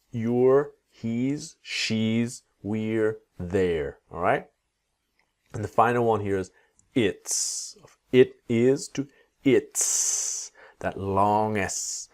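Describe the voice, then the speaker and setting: Slow, low-voiced male English teacher. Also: a little mellow. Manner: slow, deliberate modeling of sounds for repetition. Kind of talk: pronunciation lesson.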